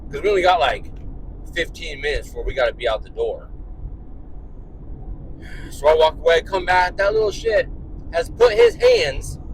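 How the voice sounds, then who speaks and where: A man rants about his morning from his car, swearing freely and exasperated. His voice sits a little high and swings widely up and down as he tells it. A faint hum of road noise stays behind him. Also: normal speed, pauses often. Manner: profane, exasperated, animated storytelling. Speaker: vlogger and dad. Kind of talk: ranting storytime.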